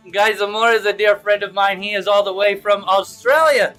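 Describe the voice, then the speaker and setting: Bright, high-voiced male streamer chatting. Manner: chatty, upbeat, jokey. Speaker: live-stream host. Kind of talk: casual live-stream chat greeting viewers.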